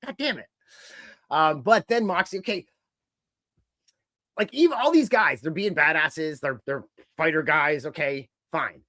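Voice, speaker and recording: A man co-hosting a podcast in casual chat. He talks in an animated way and slips into other people's voices as he tells stories. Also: a little high, unhurried, no room sound, studio quality. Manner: animated, acts out voices of others mid-story. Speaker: podcast co-host.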